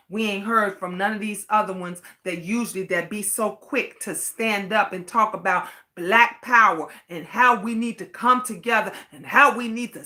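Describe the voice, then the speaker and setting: A woman's voice: mid-range voice, pushed and bright. A middle-aged woman hosting a livestream. She rants with passion, repeats her points and swears freely while reading out viewer comments. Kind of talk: impassioned livestream rant.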